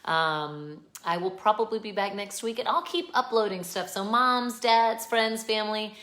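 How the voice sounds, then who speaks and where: A woman's voice: mid-range voice, normal speed, fairly bright tone. A woman hosting a children's read-aloud, reading a picture book expressively and chatting with viewers between pages. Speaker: children's book reader, channel host. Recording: echoey room.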